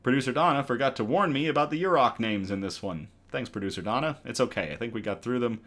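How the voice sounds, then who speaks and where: A man's voice: medium pitch, lively intonation, quick pace, fairly bright tone. A man hosting a casual online news show, reading articles aloud in a conversational way with frequent ums and self-corrections.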